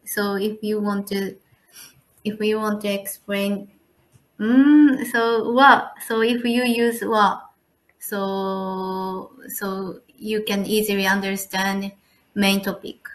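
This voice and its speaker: A woman's voice: medium pitch, steady tone, slow pace. A Japanese woman speaking English with a Japanese accent, hesitant and searching for words in a casual study chat. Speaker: Japanese teacher learning English.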